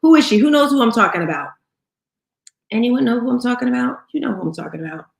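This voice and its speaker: A woman's voice: a little high, lively intonation, fast, gravelly, echoey room. A woman hosting a live audio chat room, upbeat and greeting listeners by name as she speaks to the room. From Bermudian family. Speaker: host.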